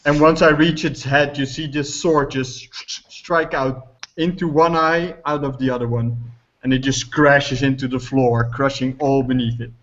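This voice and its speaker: A man playing a tabletop game, excitedly describing his character's actions and laughing often. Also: mid-range voice, unhurried. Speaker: player. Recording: muffled lo-fi audio.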